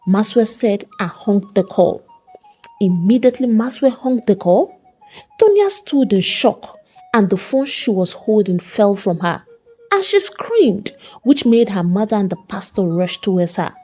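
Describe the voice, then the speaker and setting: A woman storyteller reads a folk tale aloud. Her voice is warm, a little husky, and rises and falls in lively swings. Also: mid-range voice, unhurried, soft background music. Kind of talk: scripted narration.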